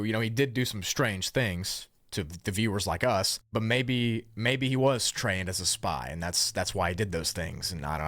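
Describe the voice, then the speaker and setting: A man narrating a scripted mystery video as a YouTuber, with a measured, reflective delivery. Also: lowish voice, a bit bright.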